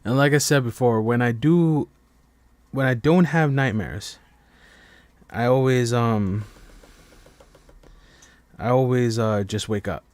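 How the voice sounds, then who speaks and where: A man's voice: medium pitch, slow, pauses often, a little mellow, no room sound. A man hosting a casual live stream podcast from home, rambling with stammering restarts and heavy swearing. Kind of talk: casual late-night monologue. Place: at home while others sleep.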